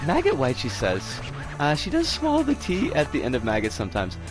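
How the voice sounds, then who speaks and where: Animated American woman streamer, swooping pitch. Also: a little fast. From United States. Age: 40s. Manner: animated and giggly, with sudden excited squeals. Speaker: game streamer. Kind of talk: casual livestream chat while gaming. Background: game music.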